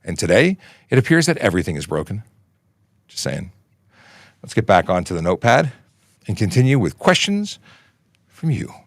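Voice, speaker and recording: Chatty low-voiced man hosting a livestream. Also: sing-song, normal speed, pauses often, dry recording, studio quality. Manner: chatty and rambling, joking asides, frequent restarts. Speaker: police constable hosting a Q&A livestream. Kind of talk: casual livestream chat. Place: podcasting station in a studio.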